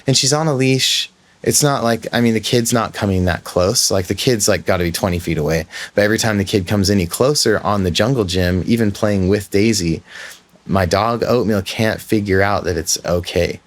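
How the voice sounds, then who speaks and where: Low-voiced man telling a candid story. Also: normal speed. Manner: candid, rambling, self-reflective. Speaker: podcast host. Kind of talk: casual storytelling.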